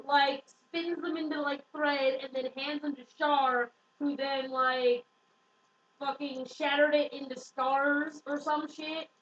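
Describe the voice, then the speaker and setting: A woman's voice: high-pitched, a bit bright, a little hiss or hum. A young woman casually recapping a book, swearing freely, saying "like" constantly and acting out the quotes. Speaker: book reviewer. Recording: dull, echoey room from a distant mic.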